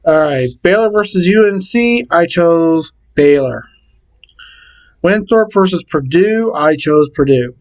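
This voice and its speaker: A man casually talking to camera and reading out his picks in a plain, repetitive way with halting restarts. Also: on the high side, animated, low-quality recording. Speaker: vlogger.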